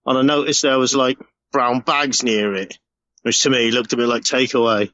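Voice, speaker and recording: Middle-aged bloke rambling a sweary voice message, dull lo-fi dry sound. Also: male voice, medium pitch, little pitch movement, normal speed, fairly bright tone, dry recording. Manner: rambling, swears freely, emotional storytelling. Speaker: podcast segment contributor. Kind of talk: casual recorded voice message.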